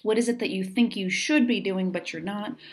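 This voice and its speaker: A woman's voice: medium pitch, fairly quick. A woman hosting her own podcast in a casual monologue, candid and earnest, swearing freely as she chats. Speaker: podcast host.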